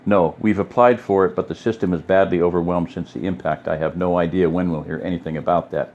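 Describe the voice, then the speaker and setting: A man's voice: low-pitched, fairly even intonation, quick pace, darkish tone, dull audio. A man voicing a wary, hesitant family man in an audiobook reading. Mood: plain.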